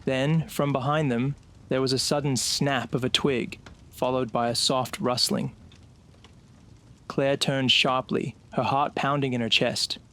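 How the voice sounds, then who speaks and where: A man narrating a scripted horror story in a slow, suspenseful way. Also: mid-range voice, little pitch movement, a bit bright.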